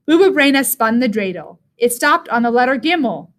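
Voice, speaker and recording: A woman's voice: fairly high pitch, sing-song, fairly quick, few pauses, a bit bright. A woman teacher reading a picture book aloud to young children, telling the story expressively.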